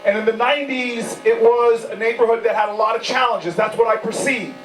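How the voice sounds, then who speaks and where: A man's voice: very high-pitched, steady tone, brisk, slight background noise. Impassioned man giving a campaign speech. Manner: impassioned storytelling with repeated rhetorical phrases. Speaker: political candidate addressing supporters. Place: event venue indoors. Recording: echoey, distant, humming room recording.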